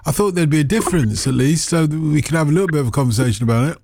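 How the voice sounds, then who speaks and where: A man's voice: fairly high pitch, racing, vocal fry, a little mellow, slight background noise. A man hosting a radio phone-in, chatting casually and teasing his callers.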